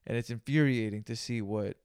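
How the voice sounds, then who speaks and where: A man from the United States hosting a solo podcast at home, high on cannabis and ranting in a loose, profane, slangy monologue. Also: fairly quick, darkish tone, smooth, no echo, clean studio sound. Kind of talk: casual rambling monologue.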